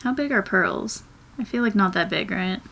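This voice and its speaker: A young woman in her twenties chats casually as she draws. Her voice sits at an ordinary middle pitch, and she rambles and thinks out loud in an easy vlogger way. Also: lively intonation, normal speed. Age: 20s. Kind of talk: casual chat while drawing.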